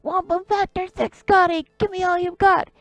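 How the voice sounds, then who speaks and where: Woman doing a shouting male starship captain. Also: very high-pitched, steady tone, moderate pace, no room sound, pitched above the performer's own voice. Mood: commanding. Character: blustering male starship captain barking orders.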